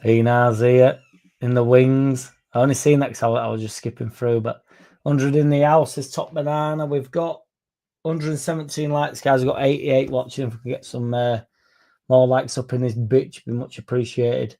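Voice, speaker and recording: Gravelly football fan. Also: male voice, medium pitch, level tone, moderate pace, warm tone. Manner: swears freely, rambles, mocks critics in a raised put-on voice. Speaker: fan channel host reading live chat. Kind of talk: casual livestream chat.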